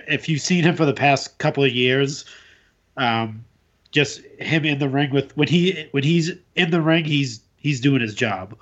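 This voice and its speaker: A man's voice: medium pitch, a bit bright. A man co-hosting a casual wrestling podcast, hesitant and often repeating words. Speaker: podcast co-host. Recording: slightly dull lo-fi sound.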